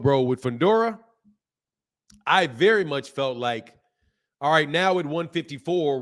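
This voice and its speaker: A man hosting a live boxing stream, chatting casually and reading out viewers' names from the chat. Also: sits high. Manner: animated, talkative, reads chat names aloud. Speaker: boxing channel host.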